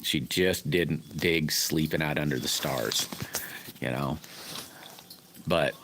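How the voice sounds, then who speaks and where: Folksy rambling man, very low voice. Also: takes it slowly, noisy background. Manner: rambling, folksy, greets chat by name. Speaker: livestream host chatting with viewers. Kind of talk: casual livestream chat.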